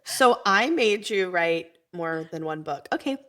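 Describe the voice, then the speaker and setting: A woman's voice: lowish voice, animated, a little slow, fairly bright tone, a little hiss or hum. A woman hosting a podcast chat. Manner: friendly, teasing interviewer. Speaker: podcast host. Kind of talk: casual chat.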